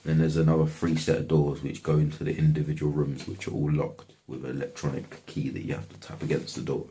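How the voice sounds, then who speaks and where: A man's voice: extremely low pitch, little pitch movement, a little fast, mellow, a little hiss or hum. A young man casually telling a story from his life, slangy and swearing often. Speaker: vlogger.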